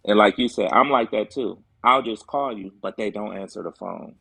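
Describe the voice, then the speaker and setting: Gravelly low-voiced man, earnest. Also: moderate pace, bright, forceful tone, no echo. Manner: earnest, emphatic, with fillers. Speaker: guest. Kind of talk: casual chat.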